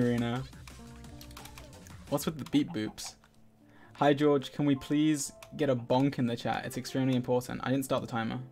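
Talking into a desk mic as he plays, this laid-back streamer is scattered and chatty, laughing often and thanking the people watching. Soft game music hums beneath his mid-pitched voice during the live-stream chat.

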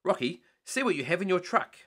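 Confident boy leader giving orders, bright and lively, read by a man. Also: high-pitched, fairly quick, voice pushed up, full character voice. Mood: commanding.

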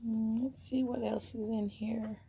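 A woman's voice: on the high side, level tone, unhurried, creaky, mellow, a little hiss or hum. A woman selling vintage finds online, showing items in a casual, rambling, chatty way full of fillers. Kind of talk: casual show-and-tell.

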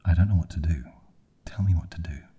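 A man's voice: low-pitched, brisk, dark tone, husky. A man voicing a worried, pleading young woman in a whispered role-play. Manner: pleading, anxious.

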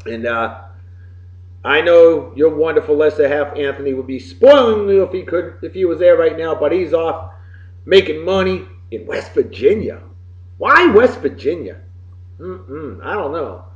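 A man's voice: a little high, lively intonation, measured pace. Boisterous New man, roomy lo-fi sound. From Massachusetts. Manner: boisterous and folksy, swinging loud and soft. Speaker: podcast host. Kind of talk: casual birthday shout-outs. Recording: roomy, slightly dull lo-fi recording.

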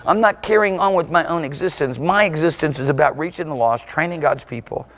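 A male pastor preaching a sermon with passion. He swings between loud, shouted peaks and low, intense passages. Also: fairly quick.

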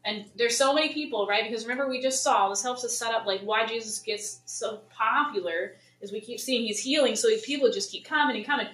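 A woman with a fairly high voice talks briskly with few pauses as she leads a casual Bible study for a church group. She's chatty, paraphrasing the story's people in lively voices. The recording comes from a roomy church hall with the mic at a distance.

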